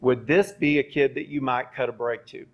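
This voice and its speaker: A man's voice: medium pitch, fairly even intonation, normal speed. A man who trained police recruits, telling a long story at a live university panel, with lots of ums and "right?" checks. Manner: rambling, many ums and rhetorical "right?". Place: university event space. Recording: dull lo-fi sound.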